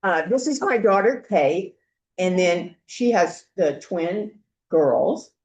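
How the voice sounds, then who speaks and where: An older woman, a grandmother, hosting a group meeting with chatty, halting welcome remarks. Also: fairly low pitch, lively intonation, darkish tone, echoey room. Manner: chatty, halting, with many fillers. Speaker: meeting host. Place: meeting room.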